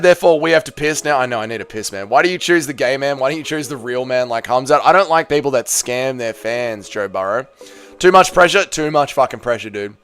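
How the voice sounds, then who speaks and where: A young man hosting a fight-night watch party stream, chatting casually, swearing freely and bursting into excited shouts. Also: a little high, clear, resonant tone. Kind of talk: casual live-stream chat reading comments.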